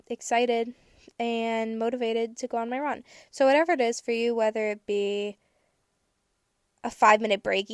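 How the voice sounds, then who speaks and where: A teenage girl hosting a podcast, giving candid, chatty advice with casual swearing and bursts of excitement. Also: a little high, no room sound, studio quality. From United States. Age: teens. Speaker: podcast host.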